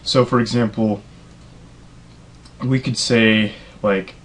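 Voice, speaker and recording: A man's voice: fairly low pitch, steady tone, slow pace, a little hiss or hum. A young man hosting a casual coding tutorial, enthusiastic and rambling with lots of fillers. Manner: enthusiastic, self-described nerd, rambling with fillers. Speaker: programming tutorial host.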